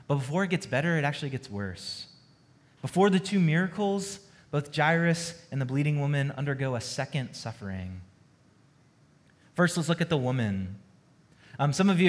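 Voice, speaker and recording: A pastor with a fairly high-pitched male voice preaches a sermon, earnest and full of storytelling. His delivery shifts between hushed moments and emphatic ones.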